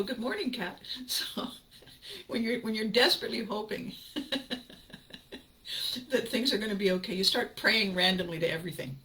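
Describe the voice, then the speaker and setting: A woman's voice: mid-range voice, sharp tone, poor audio. A woman hosting her own show, telling a personal story casually and animatedly, laughing often and acting out her reactions. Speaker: podcast host.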